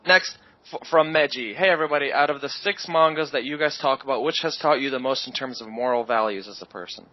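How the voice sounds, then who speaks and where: A man's voice: mid-range voice, no room sound. Blunt male podcast host, dry lo-fi sound. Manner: blunt, dismissive, quick to move on. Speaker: podcast host reading listener questions. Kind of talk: casual podcast chat. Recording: dull lo-fi recording.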